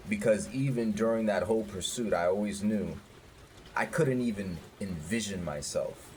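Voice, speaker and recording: A man in his thirties telling his life story in a candid, profane, animated way. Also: deep voice, slight background noise. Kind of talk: casual storytelling.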